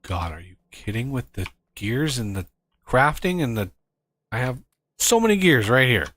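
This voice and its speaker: A man's voice: mid-range voice, very animated, moderate pace, fairly bright tone, dry recording. A man streaming a game, talking to himself in exasperation as he plans his factory. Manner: exasperated, muttering to himself while building. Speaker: gaming streamer. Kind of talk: casual gameplay commentary.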